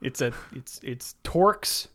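A man's voice: medium pitch, animated, slow pace, a bit bright. A man hosting a motorsport podcast, chatting casually with dry puns and mock-announcer segment reads. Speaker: podcast host. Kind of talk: casual chat.

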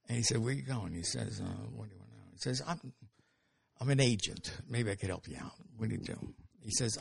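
Older man, gravelly voice, husky tone, dry close sound, lively anecdotal storytelling. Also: mid-range voice, no echo. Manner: animated, acts out dialogue with quick restarts. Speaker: interview guest.

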